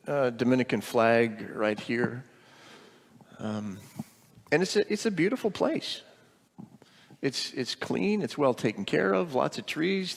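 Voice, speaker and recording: A man's voice: mid-range voice, gravelly, in a large hall. A middle-aged man, a pastor, casually reporting on a mission trip to his congregation, rambling with many ums and light jokes.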